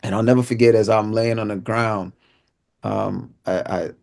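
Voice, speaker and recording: Telling a personal story in an inspirational talk, this man brings it to life and mimics what people said in street slang. His gravelly voice keeps a steady tone at a moderate pace, dropping low and hushed when things turn solemn.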